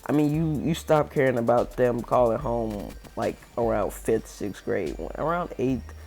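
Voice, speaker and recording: A man's voice: medium pitch, unhurried, creaky, darkish tone, soft background music. A teenage boy telling a school story in a casual, rambling, slangy way over gameplay. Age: teens. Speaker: gaming channel storyteller.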